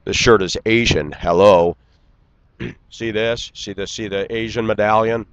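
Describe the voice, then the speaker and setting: A man delivering an indignant, lecturing rant straight to camera and clearing his throat now and then. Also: on the low side, steady tone, a little slow, no room sound, poor audio. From United States. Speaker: vlogger. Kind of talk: ranting monologue.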